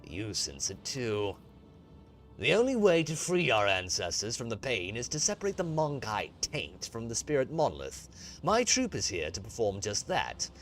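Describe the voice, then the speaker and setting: A man voicing an ancient alien Harlequin mystic in a low, hushed, grave voice, reading a game aloud. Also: wildly swooping pitch, normal speed, soft background music.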